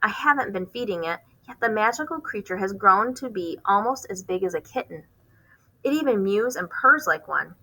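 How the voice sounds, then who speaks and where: Bright woman reading a children's book aloud. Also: medium pitch, moderate pace, low-quality recording. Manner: expressive reading with occasional stumbles and rereads. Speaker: reader hosting a book channel.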